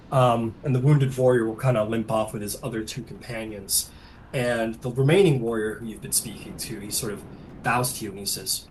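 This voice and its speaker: A man narrating as game master of a tabletop game, relaxed, with many fillers. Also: on the low side, normal speed, a little hiss or hum, rough recording.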